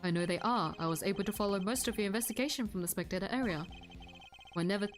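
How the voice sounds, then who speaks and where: A woman reading the lines of a polite, evasive male ice cream seller in a game, in a slightly lowered, unhurried voice. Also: faint music behind, natural voice.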